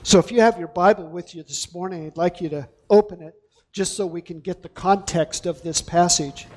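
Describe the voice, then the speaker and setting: A male pastor preaching a sermon, deliberate and emphatic, drawing out key words. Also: high voice, darkish tone.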